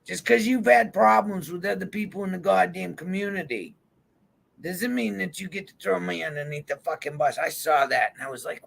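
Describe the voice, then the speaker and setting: A man's voice: high-pitched, normal speed, gravelly, fairly bright tone. A man on a vlog in a heated, swear-filled rant, calling people out directly. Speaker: YouTube vlogger. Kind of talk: angry profane rant to camera. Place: van.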